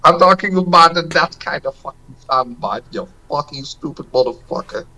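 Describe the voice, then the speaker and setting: A man's voice: on the high side, lively intonation, normal speed, very noisy. A man calling in to a show with a thick put-on accent, ranting in a profane, insulting, berating way. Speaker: caller. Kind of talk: phone-in rant.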